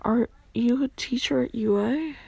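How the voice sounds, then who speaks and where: A woman's voice: a little high, measured pace, gravelly, mellow, slight background noise. A woman playing a shy, stammering young woman.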